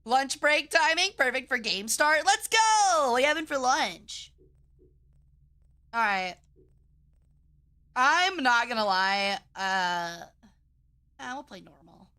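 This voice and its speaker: A woman's voice: fairly high pitch, animated, slow pace, pauses often, sharp tone, smooth. A woman streaming a video game, chatting casually with her viewers and arguing with them in a playful, bratty, mock-outraged way. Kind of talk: casual gaming livestream chat.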